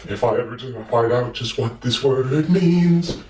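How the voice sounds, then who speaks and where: A man squeaking as Big Bird, high and wondering. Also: measured pace, darkish tone, reverberant, distant mic, a little hiss or hum, lightly acted. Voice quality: high, sing-song and wondering. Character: big yellow bird, childlike, simple, wide-eyed.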